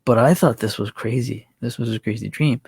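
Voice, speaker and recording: A man's voice: medium pitch, brisk, gravelly, darkish tone, husky, dry recording. A man hosting a casual chat, rambling through a story with restarts and chuckles. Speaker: channel host.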